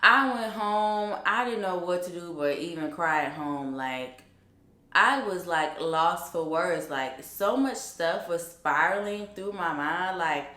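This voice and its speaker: Bright-voiced young woman telling a story. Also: lowish voice, slow pace. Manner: chatty, emphatic, full of fillers. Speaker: vlogger. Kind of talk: casual storytime. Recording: roomy echo.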